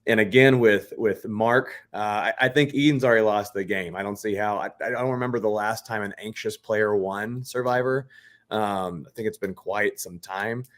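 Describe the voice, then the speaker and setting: A man's voice: on the low side, moderate pace, fairly bright tone. A man co-hosting a podcast in casual chat, giving opinionated, analytical takes on a reality show. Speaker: podcast co-host.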